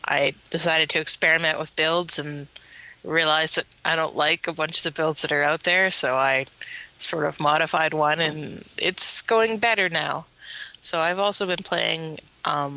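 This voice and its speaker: A woman's voice: deep voice, sharp tone, low-quality recording. A woman co-hosting a gaming podcast, chatting casually with frequent hesitations. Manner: hesitant, many fillers, chatty. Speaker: podcast co-host. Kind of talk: casual chat.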